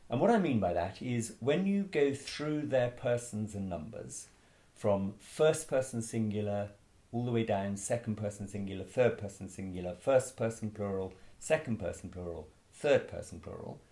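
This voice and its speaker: Lower-voiced man teaching grammar. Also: warm tone, echoey room. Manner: slow deliberate spoken examples. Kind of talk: explanatory grammar lesson.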